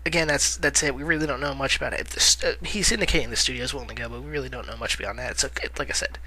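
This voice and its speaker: A man chatting casually through movie news in a vlog, his voice very bright and sharp at a middling pitch. He rambles, drops frequent "uh"s and corrects himself mid-sentence, with a wry, self-amused manner. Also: very fast, husky, poor audio. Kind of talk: casual commentary.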